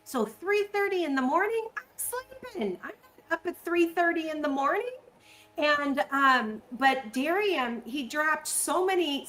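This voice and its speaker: A woman hosting a casual interview, chatty and excitable. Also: high-pitched, low-quality recording. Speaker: host.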